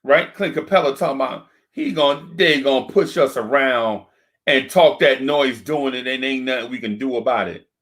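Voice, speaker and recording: A man hosting a sports fan talk stream into a desk microphone. He rants in an animated, repetitive way and keeps yelling the same rhetorical questions. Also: medium pitch, moderate pace. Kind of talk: live-streamed fan rant.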